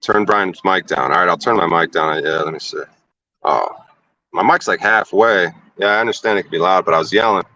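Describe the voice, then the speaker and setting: A man's voice: brisk, pushed and bright, a little hiss or hum. A young man hosting a livestream from his car, ranting and swearing in heated casual talk. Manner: profane and agitated, rants with rising pitch. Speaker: livestream host.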